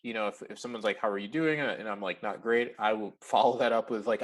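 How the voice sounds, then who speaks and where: A man's voice: on the low side, quick pace, few pauses. A man talking as a podcast guest in a casual interview, chatty and laughing often as he acts out bits of dialogue.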